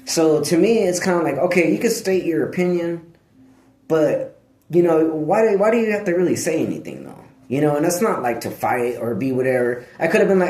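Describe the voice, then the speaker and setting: A man's voice: fairly high pitch, very animated, normal speed, a little mellow. A man talking in a loose, rambling vlog monologue, slangy and profane, sometimes breaking off to scold his dog. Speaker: vlogger. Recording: echoey room.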